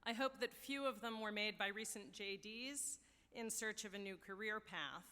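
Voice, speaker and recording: A woman's voice: medium pitch, pushed and bright. Wry woman speaking at a ceremony. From United States. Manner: wry, anecdotal, measured. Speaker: university deputy provost. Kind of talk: ceremonial address. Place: large ceremony hall. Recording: long hall reverb.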